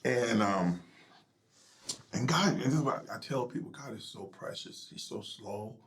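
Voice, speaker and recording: A middle-aged male pastor telling his personal story in an interview, emotional and halting, sometimes dropping to a near whisper. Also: lowish voice, lively intonation, noisy background. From United States.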